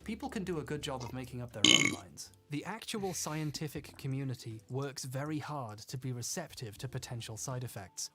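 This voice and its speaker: A man's voice: a little high, a bit bright. A man reading a scripted video essay in a dry, wry explanatory way. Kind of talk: scripted narration.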